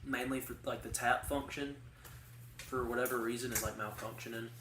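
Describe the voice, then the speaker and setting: A man's voice: mid-range voice, steady tone, moderate pace, a bit bright. Young male co-host, casual rambling chatter, recorded from a distance in a roomy space with faint hiss. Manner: rambling, chatty storytelling with many likes. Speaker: podcast co-host. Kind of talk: casual chat.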